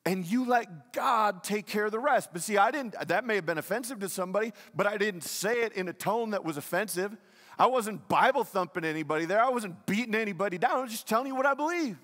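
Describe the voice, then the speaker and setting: A man's voice: high voice, a bit bright, big-room sound. A male pastor delivering a sermon, emphatic, asking the congregation questions and repeating key lines. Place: church sanctuary.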